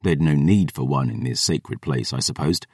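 Deep, dry-voiced male audiobook narrator. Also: moderate pace, breathy edge, dry recording. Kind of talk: first-person fantasy audiobook narration.

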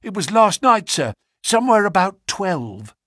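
A man's voice: high voice, big pitch swings, a little slow, a bit bright, dry recording, studio quality, voice pushed up, heavily acted. A man voicing a frightened male servant who gasps out his news with clipped deference. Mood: alarmed. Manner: gasping, clipped, ends lines with "sir".

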